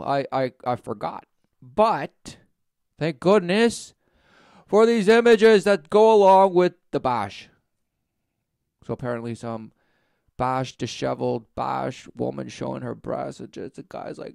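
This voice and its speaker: A man's voice: medium pitch, animated, measured pace, vocal fry, a little mellow, dry recording, studio quality. A man giving sarcastic, rambling commentary, mocking and repeating himself.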